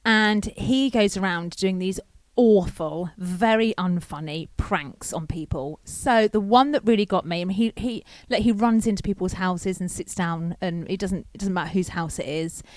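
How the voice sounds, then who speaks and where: A woman from Chesterfield, co-hosting a podcast in casual chat and telling stories with lively acted-out quotes. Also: on the low side, moderate pace, no room sound. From Chesterfield, England. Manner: animated storytelling, acts out quoted voices. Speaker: podcast co-host. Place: hotel room.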